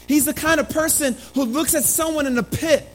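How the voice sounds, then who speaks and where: A pastor preaching a sermon, calling listeners family, moving between quiet, slow lines and emphatic ones, with playful asides. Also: high-pitched, soft background music, poor audio. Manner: animated, swinging between hushed and emphatic delivery.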